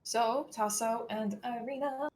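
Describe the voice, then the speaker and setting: A woman running a tabletop game as dungeon master, narrating in a soft storytelling way. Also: fairly high pitch, fairly even intonation, measured pace, slight background noise.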